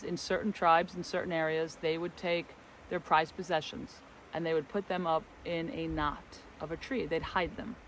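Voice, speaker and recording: A man's voice: high-pitched, poor audio. A man casually telling a story outdoors as co-host of a travel vlog, rambling along and acting out the dialogue. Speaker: co-host of a spiritual travel channel. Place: outdoors in a forest, windy. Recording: light wind and outdoor background noise.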